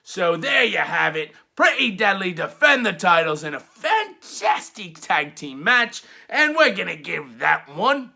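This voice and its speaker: A rowdy man recapping wrestling for laughs, with a crude streak. His voice sits high with a gravelly edge and a sharp, bright bite. He talks slowly and swoops up and down, hollering his punchlines long and drawn out. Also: very animated. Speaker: wrestling show reviewer.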